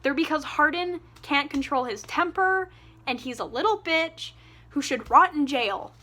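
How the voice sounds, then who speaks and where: A woman's voice: high voice, expressive, unhurried, bright, forceful tone. A woman reviewing a book on her vlog, exasperated and sarcastic, with lots of "like" and asides. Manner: exasperated, sarcastic, heavy use of "like".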